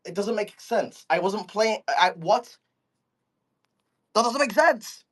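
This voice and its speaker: His voice is high, with lively intonation and a slow pace. Streaming live from his room at home into a phone mic a step away, he chats casually, rambling in baffled, exasperated bursts and swearing along the way.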